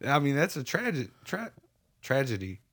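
A man's voice: on the low side, slight background noise. A man joking and swearing in casual podcast chat. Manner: joking, profane, drawn-out delivery. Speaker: podcast co-host.

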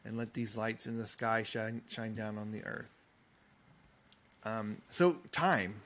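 A man's voice: on the low side, slow pace, fairly bright tone. A man in a casual Bible study conversation, reading verses plainly and reflecting in an easygoing way. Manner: easygoing, reads verses plainly, brief agreements.

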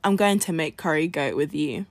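A woman's voice: low-pitched, expressive, moderate pace, vocal fry, no room sound, heavily acted. Sly scheming rabbit guy from a folk tale, coaxing and wheedling, as a lady reads it out, dry close sound. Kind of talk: storybook reading.

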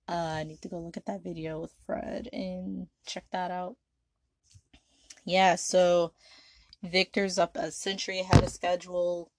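A woman's voice: lowish voice, no echo, poor audio. A woman hosting a podcast, recapping a vampire film in a rambling, profane, casual way. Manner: rambling, profane, full of "you know" and "like". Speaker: podcast host.

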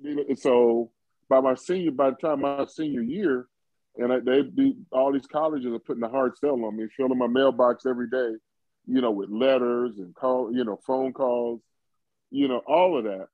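On a dull, dry lo-fi recording, a man in his fifties who once played football in Ohio spins a conversational story for an interviewer. He chuckles a lot and rambles through plenty of fillers, his medium voice fairly even in intonation at a moderate pace.

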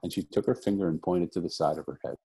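A man's voice: sits low, fairly even intonation, fast talker, dark tone, breathy edge. A middle-aged man telling a personal story as an interview guest, earnest and reflective, repeating phrases for emphasis. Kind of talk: conversational storytelling.

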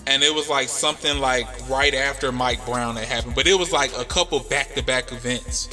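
A man's voice: medium pitch, fairly even intonation, brisk, sharp tone, long reverb tail, faint music behind. A man hosting a podcast, telling a story in a casual, rambling way with plenty of fillers. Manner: laid-back, rambling with many fillers. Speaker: podcast host.

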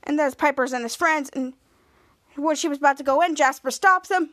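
A woman's voice: sits high, fairly quick, a bit bright. A woman podcast host recapping a TV episode in a chatty, rambling storytelling way.

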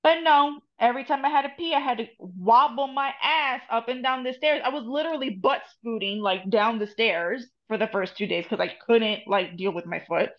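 Speaking at a normal speed with hardly any pauses, this slightly high-voiced American woman tells a story with a New Jersey accent. She's a Reiki master and tarot reader appearing as a podcast guest, chatting casually and profanely and tossing in Spanish phrases, all captured in dull lo-fi audio.

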